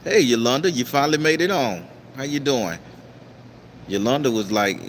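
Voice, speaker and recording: A man hosting a casual livestream and reading out viewer comments, talking in a profane, preachy, emphatic way with sudden high-pitched outbursts. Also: moderate pace, a little hiss or hum. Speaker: tarot reader and livestream host.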